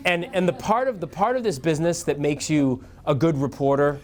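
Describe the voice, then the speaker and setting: A middle-aged man, a news anchor, telling career stories to an audience in a casual, animated way and acting out the voices he quotes. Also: fairly high pitch, a little fast. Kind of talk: casual storytelling talk to an audience.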